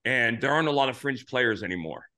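A man's voice: mid-range voice, lively intonation, quick pace, bright, forceful tone. A middle-aged man hosting a baseball talk show, rambling through stories with many restarts. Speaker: podcast host, former pitcher. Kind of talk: casual sports talk.

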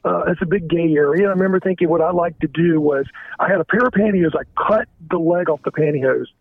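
A man with a rather high voice speaks candidly and haltingly, tripping over his words and restarting sentences. He comes through a thin, tinny phone line with a dry, close sound. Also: no echo. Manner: halting, stammers and restarts often. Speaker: caller. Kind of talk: candid confessional phone call. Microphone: telephone.

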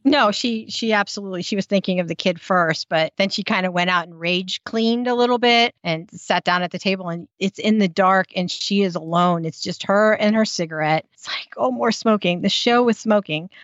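A woman's voice: medium pitch, moderate pace, hardly any pauses, fairly bright tone, no echo, highs cut off. A woman co-hosting a podcast, chatting casually and giggling while she acts out lines from a TV show. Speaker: podcast co-host. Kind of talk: casual recap chat.

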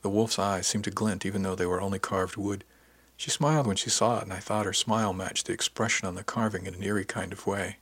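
A man's voice: low-pitched, fairly even intonation, fast talker, fairly bright tone, slightly rough, no room sound. A man narrating a first-person audiobook in an easygoing, conversational way.

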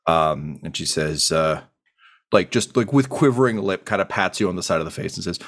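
A game master narrating a tabletop session in a relaxed, meandering way. His voice is on the low side, and he leans on fillers as he describes the scene. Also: moderate pace. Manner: casual, filler-heavy narration.

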